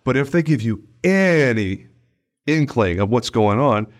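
A man hosting a podcast in casual conversation, acting out sales calls in quick mock voices. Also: mid-range voice, expressive. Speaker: podcast host.

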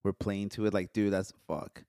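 A man's voice: fairly low pitch, level tone, moderate pace, dark tone, no echo, clean studio sound. A man hosting a casual podcast chat, rambling with many fillers and restarts. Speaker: podcast host.

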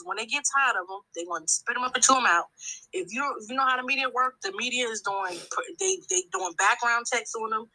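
A woman's voice: fairly high pitch, bright, forceful tone, low-quality recording. A woman calling in to a talk show, speaking in a long-winded, emphatic way and often restarting her sentences. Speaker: caller. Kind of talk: impassioned call-in commentary.

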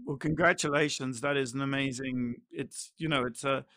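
A man's voice: mid-range voice, fairly even intonation, moderate pace, bright, forceful tone, no echo, studio quality. A man co-hosting a casual chat with wisecracking remarks.

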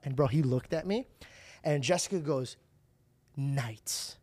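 A man's voice: medium pitch, a little slow, pauses often. A man in his thirties hosting a podcast, telling stories with acted-out voices and lots of swearing. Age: 30s. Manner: animated storyteller acting out voices, swears freely. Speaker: podcast host. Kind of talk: casual chat.

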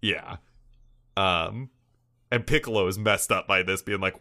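A podcast co-host with a low, pushed and bright voice speaks at a measured pace, chatting casually about an anime episode. He rambles, laughs often, and swears freely.

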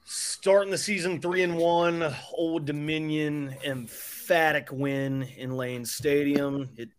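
A man's voice: fairly high pitch, steady tone, slow, clear, resonant tone. A man guesting on a casual sports podcast, making wry, sardonic asides.

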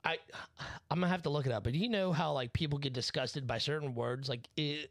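A man's voice: a little high, a little fast, dry recording. Man, podcast co-host, loose and profane storyteller, dry close sound. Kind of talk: casual chat.

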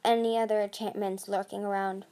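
A woman's voice: mid-range voice, level tone, a little fast, mellow, close to an everyday voice. Woman reading as a wistful dragon queen mother. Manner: sighing, wistful. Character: doting female sea dragon queen, a mother.

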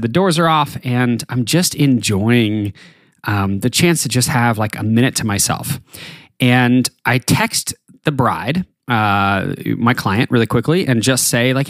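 A man in his thirties, a podcast host telling a story in a chatty, animated way. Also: medium pitch, no room sound. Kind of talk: casual storytelling.

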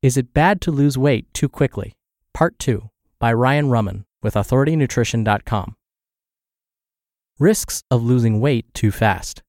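A man with a congested, slightly scratchy voice narrates a health blog post at a steady, informative pace. His pitch sits in the middle of the range. The recording is dry and close. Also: unhurried, no echo. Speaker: podcast host and narrator. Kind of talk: reading blog posts aloud.

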